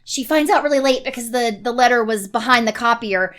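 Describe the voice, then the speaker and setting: A woman co-hosting a casual movie review podcast, recapping plots quickly with laughing asides. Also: fairly high pitch, fairly bright tone. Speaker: podcast co-host.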